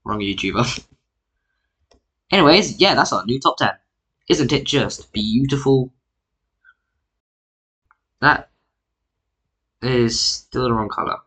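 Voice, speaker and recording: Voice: medium pitch, lively intonation, slow, pauses often, a bit bright, breathy edge. A mapping YouTuber narrating an alternate history in casual, rambling, self-mocking commentary, full of "like" fillers, sounding tired. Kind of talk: casual screen-recorded commentary.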